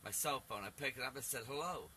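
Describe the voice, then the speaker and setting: A man's voice: mid-range voice, quick pace, sharp tone, a little hiss or hum. A middle-aged man giving a rambling personal testimony as a YouTube preacher, earnest and urgent, often calling his listeners "man".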